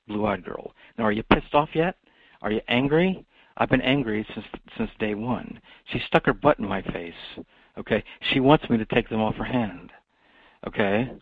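A man with a gravelly, creaky voice rambles through a repetitive monologue. He keeps restarting words and leans on "okay?" as he pushes toward loud, sermon-like exhortation. The sound is thin and phone-like, with a dry, close room. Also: on the low side, no room sound. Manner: builds to loud preacher-like exhortation. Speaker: monologue speaker. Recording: tinny phone-like dry recording.

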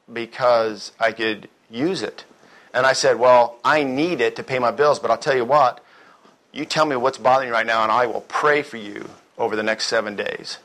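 A man's voice: mid-range voice, fairly bright tone. Middle-aged male preacher, folksy storyteller who slips into other people's voices to act out his anecdotes. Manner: storytelling, mimics voices, rhetorical questions. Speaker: church speaker. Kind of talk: conversational sermon with acted-out stories.

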